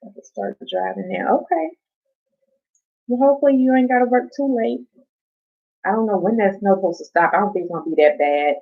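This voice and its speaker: A woman's voice: mid-range voice, a little fast, vocal fry, long pauses. Rambling woman live-streaming on lo-fi audio. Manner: rambling, talks to viewers in chat, swears casually. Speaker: livestream host. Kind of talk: casual live-stream chat.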